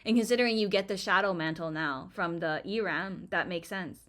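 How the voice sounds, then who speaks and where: A young woman streaming a video game, reacting with excited, swearing, laughing commentary. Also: fairly low pitch, fairly quick. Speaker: gaming streamer. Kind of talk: excited casual let's-play commentary. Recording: game music under voice. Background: game music.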